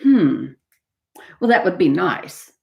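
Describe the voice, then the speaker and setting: A woman's voice: lowish voice, very animated, slow, vocal fry, darkish tone, full character voice. A woman voicing an anxious young male raccoon who worries about everything, in a storybook read-aloud. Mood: content. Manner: hesitant and fretful. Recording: echoey room.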